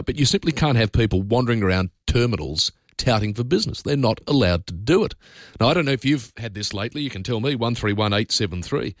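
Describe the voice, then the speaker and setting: Broadcasting talkback radio from a studio, an Australian man talks in a chatty, opinionated manner full of loose tangents. His voice is lowish, recorded echo-free through a studio mic.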